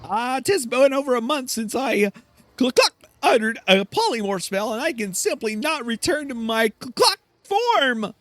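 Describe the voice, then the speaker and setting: Shrill cursed chicken wizard, clucking mid-sentence, pompous, lively swoops, dry close sound. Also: male voice, a little slow, dry recording, faint music behind, full character voice. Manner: squawking clucks interrupting his speech. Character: flustered male chicken mage, cursed, pompous. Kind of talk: video game voice acting.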